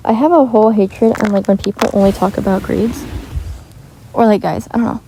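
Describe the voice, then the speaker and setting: A teenage girl talks in a loose, rambling chat, filling her sentences with "like" and stopping to restart them. Her voice is soft and warm, sitting in a middle register. She speaks through a home microphone that is not high-end. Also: moderate pace, a little hiss or hum, poor audio. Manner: chatty, rambling, heavy use of "like". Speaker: gaming vlogger.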